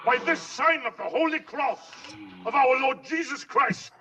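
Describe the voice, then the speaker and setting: An actor playing an elderly priest performing an exorcism, chanting a ritual prayer, heard as a distant film clip. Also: male voice, extremely high pitch, lively intonation, unhurried, sharp tone, exaggerated voice. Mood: solemn. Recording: distant clip with faint background noise.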